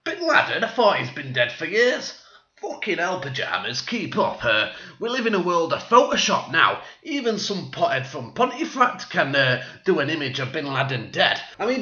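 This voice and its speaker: A man's voice: a little high, big pitch swings, brisk, few pauses, pushed and bright. A man delivering a sarcastic, swearing satirical rant. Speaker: vlogger. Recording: echoey room, dull lo-fi sound.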